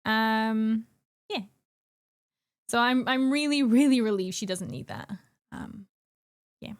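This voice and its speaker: A woman's voice: fairly high pitch, slow. A young woman chatting casually with her stream viewers from home, giggly and chatty, greeting people by name and cooing baby talk to her cat. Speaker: live streamer.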